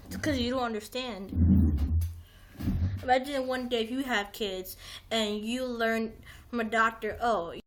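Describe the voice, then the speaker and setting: Woman, young adult, higher-pitched, casual livestream chat, rambling, restarts, swears. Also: fairly even intonation, measured pace, long pauses, a bit bright. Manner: rambling, heavy use of "like", frequent restarts, swears. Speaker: livestream host.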